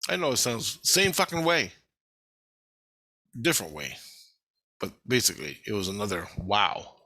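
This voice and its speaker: A man's voice: fairly low pitch, sing-song, moderate pace, sharp tone, dry recording. A man in a casual monologue video who rambles through a story and swears constantly.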